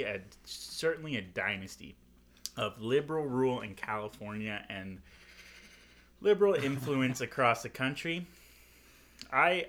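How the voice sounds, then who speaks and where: A man's voice: mid-range voice, pushed and bright, a little hiss or hum. A man co-hosting a comedy podcast, speaking in a mock-earnest way. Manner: mock-earnest political talk. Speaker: podcast co-host.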